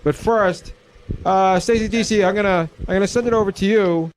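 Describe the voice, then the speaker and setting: High, fast-talking male show host. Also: a little hiss or hum, rough recording. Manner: eager, playful, leans hard on the crowd. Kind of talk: hyped-up live show hosting.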